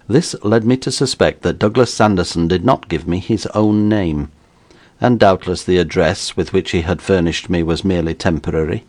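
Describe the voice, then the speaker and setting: A man reading an audiobook in a measured storytelling manner. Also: low-pitched, darkish tone. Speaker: narrator.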